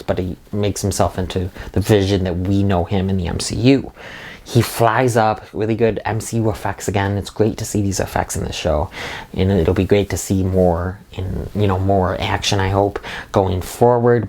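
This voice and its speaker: A man's voice: on the low side, a little mellow. A man giving a casual, enthusiastic spoken recap and review of a TV episode, rambling with restarts and quoting dialogue. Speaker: video reviewer.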